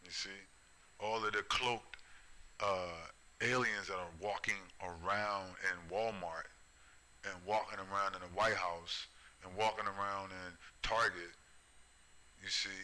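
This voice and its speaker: A middle-aged man delivers a preachy, profane rant with a low but cutting, sharp-edged voice. He circles back to the same phrases and keeps pressing the listener with tag questions. The talk is loose and unscripted. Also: fairly even intonation, a little slow, low-quality recording. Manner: profane, repetitive, keeps asking "right?" and "you see?". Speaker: vlogger. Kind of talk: preachy ranting monologue.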